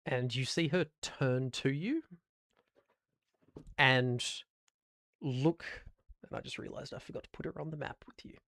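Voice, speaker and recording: A man narrating as game master for a tabletop game, with an easygoing, descriptive manner and quick asides. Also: medium pitch, vocal fry, fairly bright tone, dry recording, studio quality.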